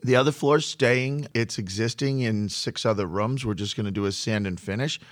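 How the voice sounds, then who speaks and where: A man who runs a flooring business tells work stories in a relaxed conversation, often repeating a word while he gathers his thoughts. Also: lowish voice, moderate pace, no room sound, studio quality. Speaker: flooring contractor. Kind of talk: storytelling in a podcast conversation.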